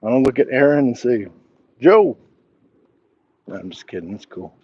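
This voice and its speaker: A man's voice: mid-range voice, fast, muffled recording, slight background noise. A middle-aged man walking outdoors at night, chatting casually on a livestream and reading viewer comments aloud in a laid-back, chuckling way. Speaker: livestream host. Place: outdoors at night, crickets around.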